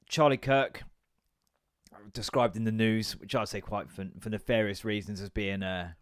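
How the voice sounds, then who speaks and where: A man's voice: on the low side, fairly even intonation, normal speed, no echo, studio quality. A man, hosting a podcast in casual, jokey chat full of swearing and rambling asides. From United Kingdom. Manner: comedic, stand-up performer. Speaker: podcast host.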